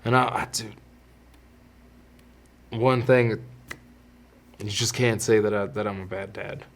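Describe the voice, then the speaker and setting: A man's voice: lowish voice, steady tone, slow pace. A man hosting his podcast, telling personal stories in a candid, rambling way with frequent restarts. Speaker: podcast host. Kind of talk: casual storytelling.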